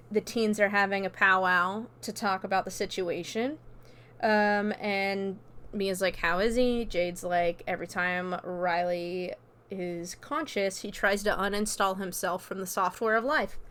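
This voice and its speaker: A woman's voice: medium pitch, clean tone. A woman hosting a podcast, casually recapping a horror movie scene by scene in a chatty manner. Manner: chatty, loose with fillers and quoted dialogue. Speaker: podcast host.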